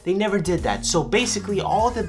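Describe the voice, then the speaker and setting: A young man telling a storytime rant as a vlogger, animated and slangy, with lots of emphasis. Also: high-pitched, fast, faint music behind.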